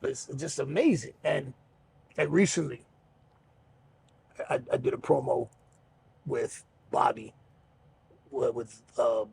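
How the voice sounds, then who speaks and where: Gravelly-voiced man telling wrestling stories. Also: mid-range voice, takes it slowly, long pauses, a little hiss or hum. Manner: relaxed, rambling, swears freely, many fillers. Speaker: podcast host and pro wrestler. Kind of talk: casual storytelling chat.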